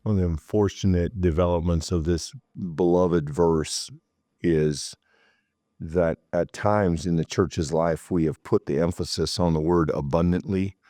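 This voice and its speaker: A man discussing scripture in a Bible study, thoughtful and measured, stammering a little as he starts his phrases. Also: low-pitched, fairly even intonation, warm tone, no echo, clean studio sound. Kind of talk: conversational Bible teaching.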